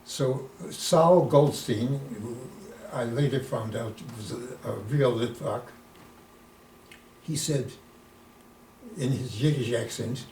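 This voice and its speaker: An elderly man in his nineties spins lively stories as an interview guest, peppering them with Yiddish words. He sits away from the mic in an echoey room. A faint hiss runs underneath. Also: mid-range voice, a little slow, long pauses, far from the mic. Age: 90s. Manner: lively storyteller who sprinkles in Yiddish words. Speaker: guest, retired rabbi. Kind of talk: anecdotal storytelling in an interview.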